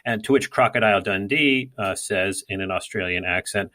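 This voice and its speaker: A man's voice: on the low side, normal speed, hardly any pauses, pushed and bright. A man co-hosting a podcast, talking casually and rambling with many fillers and restarts. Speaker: podcast co-host. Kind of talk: casual gardening chat.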